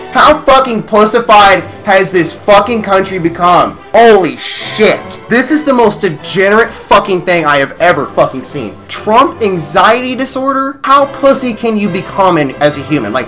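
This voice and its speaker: A man's voice: sits high, bright, forceful tone. A man hosting his own vlog, ranting crudely and sarcastically, swearing constantly. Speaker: vlog host. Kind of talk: profane rant commentary.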